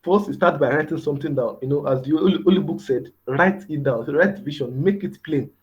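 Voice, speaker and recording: This motivational mentorship lecture comes from a man with a fairly high, brisk voice, recorded in dull lo-fi quality. He poses rhetorical questions and hammers home key words through repetition.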